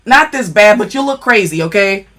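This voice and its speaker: A woman's voice: medium pitch, lively intonation, normal speed, a bit bright. A woman giving a casual makeup product review, blunt and profane, who keeps checking in with "okay?". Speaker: beauty vlogger.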